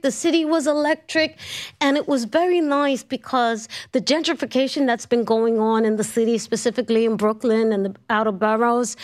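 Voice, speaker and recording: A middle-aged woman from New York City, a guest in a live interview, telling stories with lively energy and frequent laughter. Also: high voice. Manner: animated storyteller who laughs often. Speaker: guest, actress and podcast host. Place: live event space with an audience.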